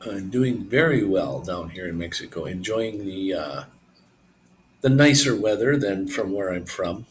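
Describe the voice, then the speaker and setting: A man's voice: low voice, a little slow, slight background noise, low-quality recording. A man live streaming, chatting casually and rambling to his viewers. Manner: rambling, relaxed, talks to viewers.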